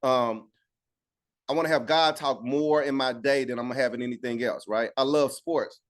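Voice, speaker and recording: A man's voice: medium pitch, fairly even intonation, moderate pace. Preacher man teaching casually online. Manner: conversational, repeats "right?" for agreement. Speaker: Bible study teacher. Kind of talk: informal online Bible study teaching. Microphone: video call.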